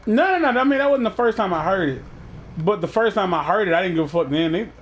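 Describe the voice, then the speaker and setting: A man's voice: high-pitched, animated, fast, slight background noise. A man hosting a casual chat, talking in a profane, rambling way with many restarts. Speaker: podcast host.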